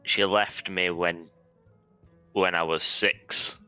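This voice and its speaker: Drunk rowdy adventurer, rambling and slurred, played by a man. Bright, clear voice. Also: sits low, level tone, takes it slowly, soft background music, pitched below the performer's own voice, full character voice.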